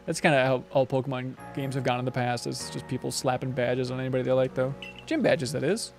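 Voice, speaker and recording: A man's voice: mid-range voice, moderate pace, gravelly, long pauses, faint music behind. A man casually commentating a game livestream with joking, rambling asides. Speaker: game streamer.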